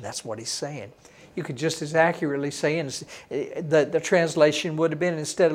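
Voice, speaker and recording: A male pastor giving a sermon teaching, folksy and conversational, swinging from hushed awe to emphatic points. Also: a little high, steady tone, normal speed.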